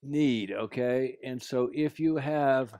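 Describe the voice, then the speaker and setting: A man's voice: mid-range voice, takes it slowly, no echo. A man giving an earnest, anecdotal talk about negotiation, telling a personal story to make his point. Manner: earnest storyteller, drops to a quiet voice for quotes. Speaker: speaker sharing life lessons.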